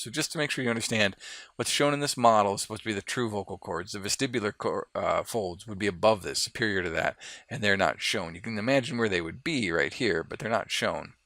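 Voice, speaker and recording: A man teaching anatomy, walking through lab models in a relaxed, explanatory way with fillers and restarts. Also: lowish voice, fast talker, dry recording, clean studio sound. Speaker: anatomy instructor. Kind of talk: lab model walkthrough lecture.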